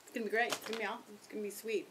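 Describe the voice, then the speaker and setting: A young woman chatting casually to her camera at home, rambling and self-mocking, talking loudly with headphones on. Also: medium pitch, level tone, racing, slight background noise. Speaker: vlogger. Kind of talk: casual chat. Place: home, indoors.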